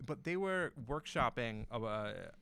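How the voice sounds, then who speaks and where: A young man in relaxed podcast conversation, telling a long story. He rambles, circling back through fillers and false starts. His voice sits at an ordinary middle pitch. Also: unhurried, vocal fry, slight background noise. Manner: rambling, many restarts and fillers. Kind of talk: casual chat.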